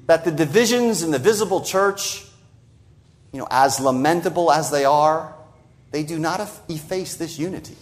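A man preaching an expository sermon, stressing key phrases and quoting scripture slowly for emphasis. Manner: emphatic, rising on key phrases and dropping low at the ends of lines; repeats words for stress and quotes scripture in a slowed voice.

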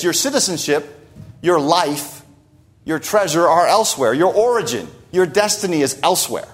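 A man preaching a sermon, teaching from a Bible passage with emphatic stresses and rhetorical asides. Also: high voice.

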